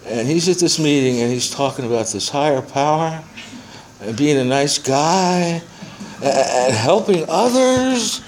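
An older man in his seventies, voice sitting a little higher than most men's, shares his story with a roomful of people at a recovery meeting. He rambles and swears freely, poking fun at himself as he goes. A faint hum of room ambience sits under his voice. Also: animated, unhurried, poor audio. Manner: rambling, profane storytelling with self-mocking humor. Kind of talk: personal testimony to a group. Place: meeting room with a small audience.

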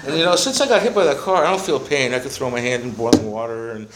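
Heavy background noise fills this recovery-meeting clip, where a man in his seventies tells his story to a small audience in a meeting room. He talks fast in a medium-pitched voice, wandering through it with swearing and jokes at his own expense.

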